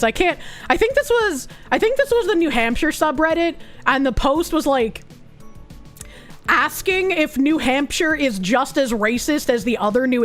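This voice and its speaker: High-voiced, foul-mouthed woman streamer. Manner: blunt, profane and sarcastic, with frequent laughs. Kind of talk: casual live-stream chat, reading and reacting to chat.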